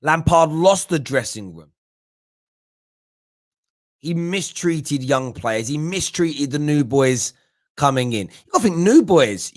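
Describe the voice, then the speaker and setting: A young adult man hosting a live football fan talk show, ranting in a blunt, slangy and fired-up way. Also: mid-range voice.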